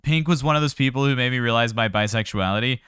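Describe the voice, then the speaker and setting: A man's voice: medium pitch, fast talker, a bit bright, clear, resonant tone, dry recording, studio quality. A man working as a vocal coach, giving casual, explanatory reaction commentary and sometimes laughing at his own jokes.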